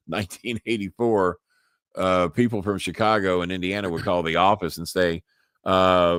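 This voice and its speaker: Deep-voiced Southern man hosting a live show. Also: steady tone, moderate pace, fairly bright tone, clear, resonant tone, no room sound. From Louisville, Kentucky. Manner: rambling, chuckling, restarts words. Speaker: podcast host. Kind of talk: casual live-stream chat.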